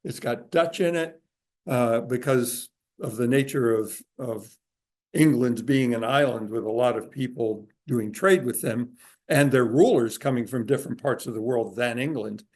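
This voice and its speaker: A man giving a talk to a group in a room, explaining at an easy pace with frequent filler pauses. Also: mid-range voice, darkish tone. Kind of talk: conversational lecture. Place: room with a live audience.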